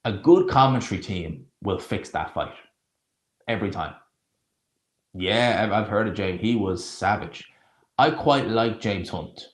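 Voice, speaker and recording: A man's voice: fairly low pitch, animated, unhurried, long pauses. A man streaming a live watch-along, chatting casually and sarcastically, rambling and stopping to search for names. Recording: roomy echo.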